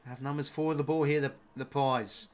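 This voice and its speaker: An excitable young Australian man giving live fan commentary on a football match, chatty with viewers and prone to shouting and swearing at big moments. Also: mid-range voice, normal speed. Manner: chatty asides and thanks to viewers. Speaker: watch-along commentator.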